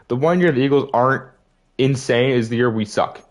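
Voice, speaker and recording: A young gaming video creator rambles through season stats in casual gameplay commentary, sounding frustrated and disappointed. His voice sits in the mid range, and he speaks fairly quickly.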